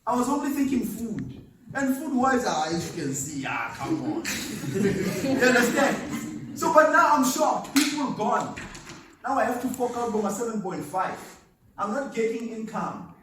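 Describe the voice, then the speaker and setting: Man, emphatic seminar storyteller, high and lively, distant echoey room, faint noise. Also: a little slow. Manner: storytelling, emphatic, laughs at himself. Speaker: motivational speaker. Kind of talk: seminar talk. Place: seminar venue. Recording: echoey hall from far off.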